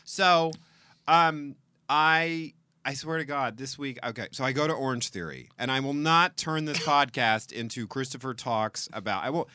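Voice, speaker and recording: A man in his forties co-hosting a podcast, chatting casually, animated and self-deprecating with frequent laughs. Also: mid-range voice, normal speed, smooth, no room sound. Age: 40s. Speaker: podcast co-host. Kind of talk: casual banter.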